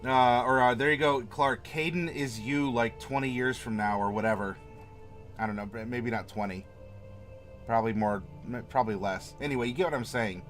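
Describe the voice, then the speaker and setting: Faint music sits behind this Florida livestream host as he reads viewer comments and chats in a friendly, rambling way, laughing often. He speaks at normal speed with a medium-pitched, fairly bright voice.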